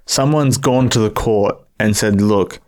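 A man's voice: on the low side, fairly even intonation, moderate pace. A man in casual podcast chat, laid-back and giggly, reading facts off a list.

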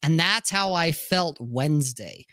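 Male co-host, casual chat, profane rambling storyteller; tense, slightly high voice. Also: expressive, unhurried, pushed and bright, no room sound, clean studio sound.

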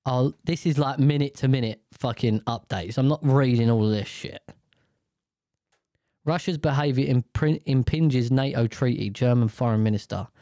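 A man's voice: mid-range voice, moderate pace, dark tone, no room sound, clean studio sound. A man reading news stories aloud, stumbling over hard words and ranting about them with lots of swearing. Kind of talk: casual reaction commentary.

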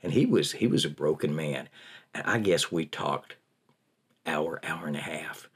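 An older man, a prison ministry volunteer, tells personal stories in an interview in a folksy, animated way. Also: very deep voice, a little slow, breathy edge.

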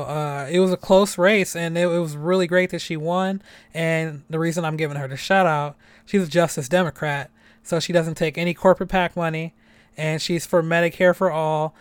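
Young male podcast host, loose profane rambler, smooth higher voice. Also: no room sound. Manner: loose and chatty, profane, lots of fillers and asides. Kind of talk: casual solo political podcast.

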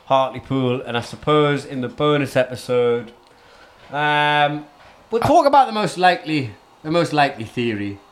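A man's voice: on the high side, lively intonation, normal speed. A man from North East England hosting a casual history podcast, rambling and often correcting himself. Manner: rambling, many restarts and self-corrections. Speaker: podcast host.

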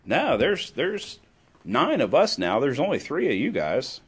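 A man delivering an impassioned political monologue, emphatic and sarcastic, swinging between loud declarations and low asides. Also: huge pitch swings, a little slow, slightly rough. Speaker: political commentator.

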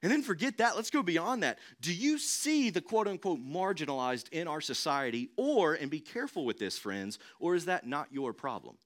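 A man's voice: a little high, lively intonation, moderate pace, few pauses, fairly bright tone. A young adult man preaching a sermon as pastor, emphatic, repeating key phrases and putting questions to the congregation.

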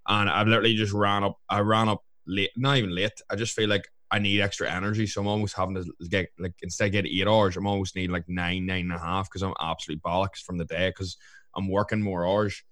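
A man's voice: sits low, flat delivery, quick pace, a bit bright, no room sound, studio quality. A young man co-hosting a podcast, chatting casually in a rambling way, swearing and saying "like" a lot. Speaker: podcast co-host. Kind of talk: casual chat.

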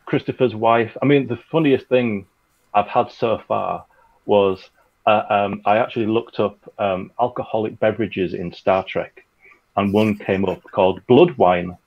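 Gravelly man chatting casually. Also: fairly low pitch, steady tone, unhurried, highs cut off. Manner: rambling, chatty, filler-heavy. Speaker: audio drama creator. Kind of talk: casual chat.

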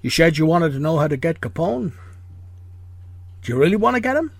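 A man doing a comic impression of a famous Scottish actor as a gruff older cop, with slushy s sounds. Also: fairly high pitch, very animated, normal speed, darkish tone, no echo. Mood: hammy. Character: gruff older Irish cop with a Scottish film-star lilt, hamming it up.

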